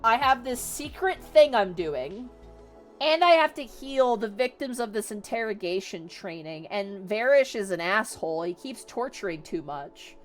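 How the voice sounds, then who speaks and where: A woman's voice: mid-range voice, animated, unhurried, faint music behind, close to an everyday voice. A woman voicing a weary male healer who grumbles in an exasperated, profane way.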